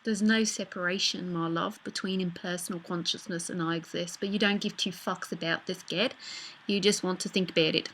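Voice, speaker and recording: A woman's voice: fairly low pitch, steady tone, a little fast, fairly bright tone, a little hiss or hum, poor audio. A middle-aged woman spiritual teacher speaking casually and bluntly in a live online talk. She answers viewer messages, swears now and then and laughs often.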